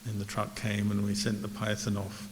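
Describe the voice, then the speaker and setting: A man with a low, fairly flat voice tells a relaxed, humorous story as a monk teacher. His voice carries a long hall reverb with a faint hiss. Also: moderate pace. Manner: easygoing, anecdotal, gentle humor. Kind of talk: relaxed dharma talk storytelling.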